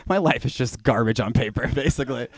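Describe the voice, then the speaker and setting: A man's voice: medium pitch, normal speed, breathy edge, no echo, clean studio sound. A young man from Georgia doing a rambling, profane stand-up set in a small venue. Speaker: stand-up comedian.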